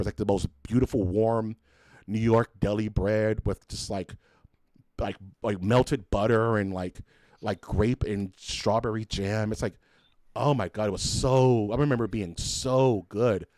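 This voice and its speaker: A man with a lowish voice and moderate pace co-hosts a casual podcast, with no room sound in the recording. He tells loose, profane stories, swearing freely and animatedly acting out other people's voices as he goes.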